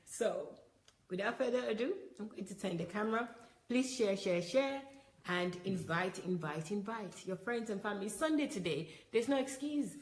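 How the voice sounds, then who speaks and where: A woman's voice: medium pitch, expressive, normal speed. A woman hosting a livestream, greeting viewers by name and chatting in an upbeat way. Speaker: livestream host. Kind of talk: casual livestream chat. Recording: echoey room, faint noise.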